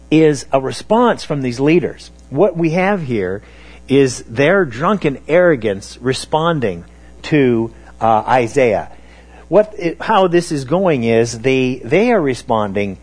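A man preaching a sermon on scripture, talking in a halting way with many fillers and restarts. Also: mid-range voice, big pitch swings, a little mellow.

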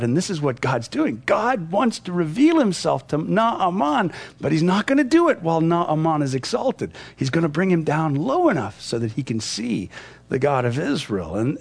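A man's voice: fairly high pitch, gravelly. A man teaching a Bible passage verse by verse, explaining and retelling it in a conversational way.

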